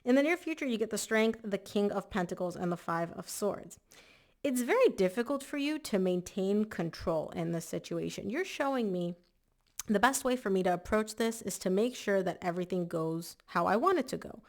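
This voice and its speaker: A woman giving a casual monthly tarot reading in a chatty, emphatic way, slightly hoarse and clearing her throat. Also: mid-range voice, lively intonation, normal speed. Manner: chatty, emphatic, repeats words for stress. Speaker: tarot reader.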